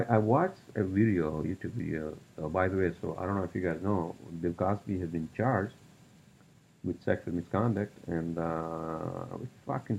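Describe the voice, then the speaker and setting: A man's voice: low-pitched, gravelly, a little mellow. A man hosting a solo podcast, ranting with heavy swearing and many fillers. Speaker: podcast host. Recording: dull lo-fi recording.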